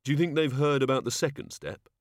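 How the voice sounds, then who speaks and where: A man's voice: mid-range voice, fast talker, no echo, clean studio sound, pitched above the performer's own voice, close to an everyday voice. A man voicing a bewildered, queasy small male god who speaks in a plaintive, puzzled way.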